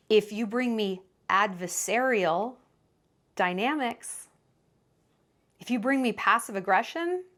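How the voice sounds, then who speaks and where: A woman's voice: medium pitch, a bit bright. A young woman talking to camera with dating advice, emphatic and dramatic, slipping into quoted voices. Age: young adult. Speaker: vlogger giving dating advice. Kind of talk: casual to-camera commentary.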